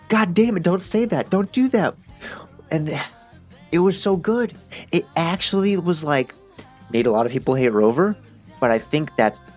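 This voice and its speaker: A man giving casual, emotional game-review commentary as a video creator, animated and quick to swear. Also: medium pitch.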